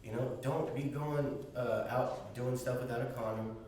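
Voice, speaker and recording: A man's voice: medium pitch, fairly even intonation, a little slow, a little mellow. Laid-back man in an echoey room. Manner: laid-back, rambling, swearing. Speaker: podcast co-host. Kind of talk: crude comedic podcast banter. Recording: echoey room, distant mic, faint hiss.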